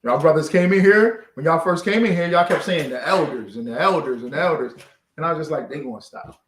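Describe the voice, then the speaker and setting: A man leading a scripture class, animated and bantering with call and response. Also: a little high, a little fast. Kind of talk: street-preaching style scripture class. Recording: roomy echo, distant from the mic.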